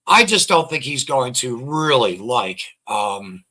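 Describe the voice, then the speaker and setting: A man's voice: medium pitch, sing-song, slow pace, pushed and bright. A man hosting an online show, rambling through public records with scorn and repeating himself. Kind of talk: casual commentary reading out records.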